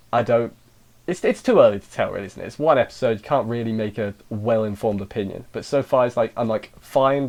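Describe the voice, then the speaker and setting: A man talking through an anime episode in a loose, chatty review at a mid-range pitch. He wanders off into jokey asides and restarts his sentences often, then drifts back to the plot. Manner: rambling, self-interrupting, with jokey asides. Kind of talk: casual spoken review.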